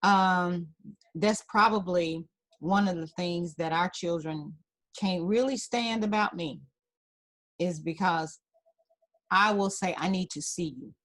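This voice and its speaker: A woman's voice: fairly low pitch, slow, long pauses, a bit bright. A woman counselor, a talk-show guest, giving parenting advice in an emphatic, teacherly way. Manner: emphatic, teacherly, repeats key points. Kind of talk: advice in an interview.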